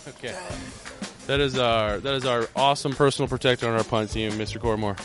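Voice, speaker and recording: A man's voice: medium pitch, fairly even intonation, music in the background. A man as a player reporter, joking his way through a casual interview segment. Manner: jokey, quick, upbeat.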